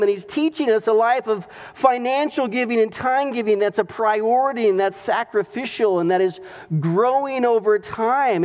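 A male pastor preaching a sermon with earnest storytelling and drawn-out emphasis on key words. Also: extremely high pitch. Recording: dull recording with long hall reverb.

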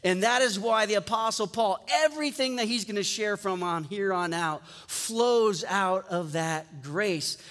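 A man's voice: sits high, measured pace, hardly any pauses, fairly bright tone. A man preaching a sermon as a pastor, telling a story in a conversational way and acting out the dialogue. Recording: long reverb from a large hall.

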